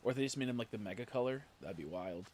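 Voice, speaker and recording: A man streaming a video game, chatting casually and rambling, swearing often and reacting excitedly to what happens on screen. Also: lowish voice, rapid-fire, slight background noise. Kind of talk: casual live-stream commentary while playing.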